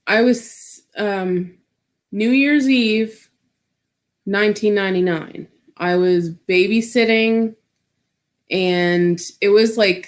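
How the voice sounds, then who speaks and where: Slow-talking woman rambling through a story. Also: medium pitch. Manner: rambling, full of "like" fillers. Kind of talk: casual personal storytelling.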